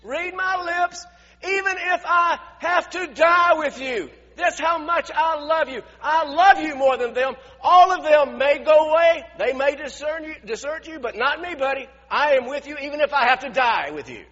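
A man voicing an impulsive male disciple who swears loyalty, using a high, loud, exaggerated pleading voice. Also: expressive, measured pace, long pauses, breathy edge, in a large hall, highs cut off, full character voice. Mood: boastful, pleading.

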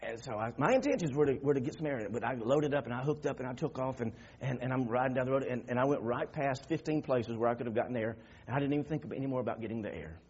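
A man preaching a sermon, telling a story that swings from quiet murmurs to loud shouting. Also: medium pitch, very fast, hardly any pauses, husky, muffled recording.

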